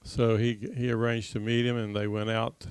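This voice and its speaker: A man teaching a congregation class, telling a folksy joke with laughs and loud acted-out gunshots, then leading a prayer. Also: mid-range voice, flat delivery, moderate pace, clean tone, no echo. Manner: jokey storyteller who laughs at his own tale, acts out shots loudly.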